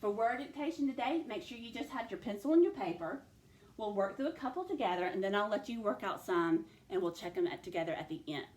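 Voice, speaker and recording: A woman teacher giving a phonics lesson, talking students through each step clearly and addressing them directly. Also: mid-range voice, animated, quick pace, darkish tone. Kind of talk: recorded classroom phonics lesson. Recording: roomy echo.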